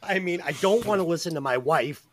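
A man hosting a casual podcast, animated and profane, laughing often as he banters. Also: on the high side, a little fast, heavy background noise. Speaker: podcast host.

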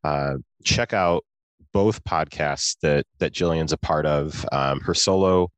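A male podcast host with an extremely deep, low voice, chatting casually with his guest. His humor runs dry and sarcastic. The recording is dry and close, with no room sound. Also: slow, smooth, dry recording. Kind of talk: casual conversational interview.

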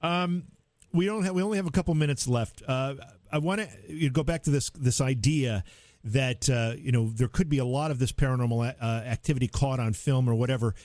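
A man hosting a radio interview, chatting casually and asking questions with an animated delivery. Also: medium pitch, fairly quick, dry recording. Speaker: radio host.

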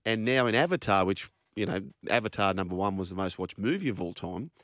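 An Australian man hosting a casual radio show on a studio microphone, chatty and enthusiastic as he runs through shout-outs and phone numbers. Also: lowish voice, animated, fairly quick, no echo. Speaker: radio host.

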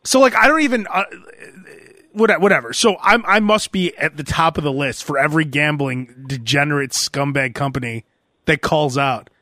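A man hosting a podcast, chatting casually and telling animated stories in which he acts out phone calls and sometimes bursts into shouting. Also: fairly high pitch, normal speed, dry recording, clean studio sound. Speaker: podcast host. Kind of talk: casual chat.

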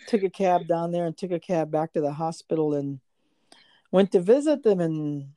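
A woman's voice: fairly low pitch, expressive, normal speed, mellow, no room sound. An older woman, the host's mother and a guest on his podcast, looking back on family memories and chuckling often. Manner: chuckling, reminiscing. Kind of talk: casual family storytelling.

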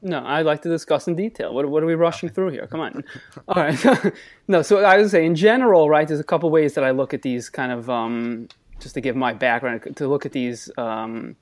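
A man's voice: on the high side, moderate pace. A man with a thick Long Island accent, a talkative, analytical guest judge on a casual podcast, mocking himself as he goes. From Long Island, New York.

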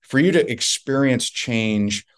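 A man's voice: mid-range voice, slow. A man being interviewed as a guest, telling a story emphatically and repeating points for effect. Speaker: guest, network marketer.

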